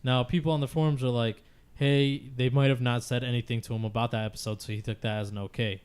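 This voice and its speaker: A man's voice: mid-range voice, level tone, fast, a little mellow, clear, resonant tone. A man on a gaming podcast, talking loosely and frankly in casual discussion, with lots of filler words and casual swearing.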